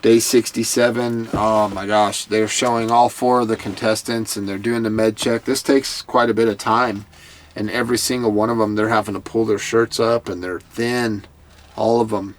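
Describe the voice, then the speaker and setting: A man's voice: on the low side, little pitch movement, moderate pace. A man giving a casual recap of a TV episode, in an earnest, heartfelt way that sometimes stumbles over repeated words. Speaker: TV show commentator.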